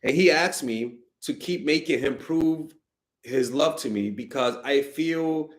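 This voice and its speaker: A young man giving blunt, animated dating advice to fans in a casual stream, swearing freely and sounding exasperated. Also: fairly high pitch, unhurried, background noise. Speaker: dating coach answering fan questions.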